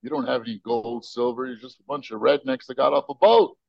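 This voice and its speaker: A man's voice: medium pitch, steady tone, brisk, creaky, no room sound, highs cut off, voice pushed up. A man voicing a swaggering, boastful King George in a put-on Southern American drawl, full of slangy bravado. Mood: mocking.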